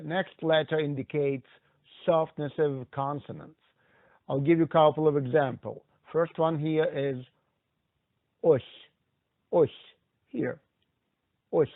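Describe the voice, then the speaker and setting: A man's voice: on the high side, no room sound. A man teaching a language lesson, patiently repeating each word and prompting the listener to say it back. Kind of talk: slow, drilled pronunciation lesson. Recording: dry, phone-like thin sound.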